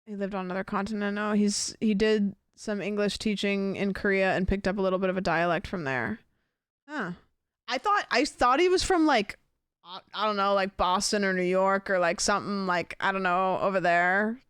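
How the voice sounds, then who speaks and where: Smooth-voiced woman streamer, chatting. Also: medium pitch, normal speed, a bit bright, no room sound, clean studio sound. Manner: rambling and curious, full of fillers and self-questions. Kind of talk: casual live-stream chat while gaming.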